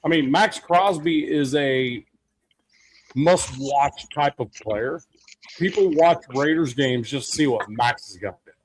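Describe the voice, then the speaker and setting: A man's voice: mid-range voice, unhurried, slight background noise. A man co-hosting a casual sports podcast, talking emphatically, often repeating himself and arguing his point. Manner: emphatic, repetitive, argumentative. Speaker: podcast co-host.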